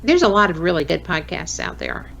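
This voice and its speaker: A woman in her late fifties with a Southern US accent, a radio host chatting as a podcast guest, folksy and quick to laugh. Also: on the low side, wildly swooping pitch, vocal fry, fairly bright tone, dull audio. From American South. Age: 50s. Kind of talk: casual interview chat.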